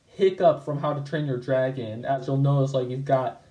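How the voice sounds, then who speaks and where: A man's voice: mid-range voice, steady tone, moderate pace, warm tone, reverberant, low-quality recording. Rambling guy reacting to old work. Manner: rambling, lots of "like" and self-corrections. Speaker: channel host. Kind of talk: casual video commentary.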